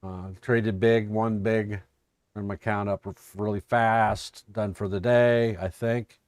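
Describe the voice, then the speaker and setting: A man's voice: on the low side, flat delivery, slow, no echo, clean studio sound. An American man giving a casual, folksy live-stream recap of his trading day, joking and thinking aloud as he looks over charts. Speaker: trading educator.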